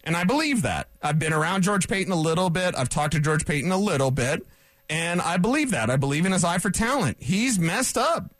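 A man talking sports on radio, opinionated and sarcastic, rambling through quick asides. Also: high-pitched, expressive, fairly bright tone, dry recording. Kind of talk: opinionated sports talk monologue.

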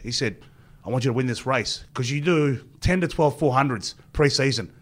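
A middle-aged Queensland man with an Australian accent speaks at a medium pitch and normal speed. A former rugby player, he is an interview guest spinning long, rambling stories and acting out what other people said.

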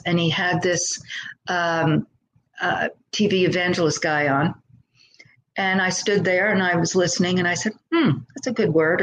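A middle-aged woman appears as a podcast guest, telling her life story earnestly and thoughtfully in conversation and sometimes voicing the people she quotes. Her voice is lowish, and the poor audio carries a little hiss or hum.

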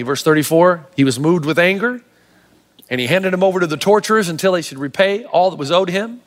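A man pastor preaching a sermon with animated, emphatic storytelling in a church hall. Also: sits high, fairly quick. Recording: long hall reverb.

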